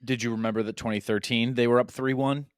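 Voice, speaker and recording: Gleeful man with a clear, smooth voice. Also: medium pitch, fairly even intonation, quick pace, no echo, clean studio sound. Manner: gleeful, mocking, swears casually. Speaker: podcast co-host. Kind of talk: casual sports chat.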